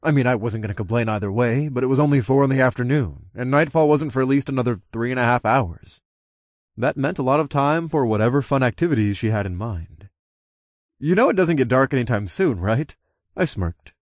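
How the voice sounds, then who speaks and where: A man with a mid-range voice reads a first-person audiobook in a steady, relaxed way. The sound is close and dry, with no room around it. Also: mid-range voice, a little fast, dry recording. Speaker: audiobook narrator.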